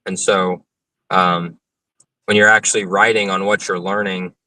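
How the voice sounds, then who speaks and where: An earnest young man explains scripture at length, backing up and restarting as he thinks. His voice is bright and forceful, set somewhat low. It sounds dry and a little distant from the mic. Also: little pitch movement, unhurried. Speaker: interview guest, open-air preacher. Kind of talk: explanatory interview answers on theology.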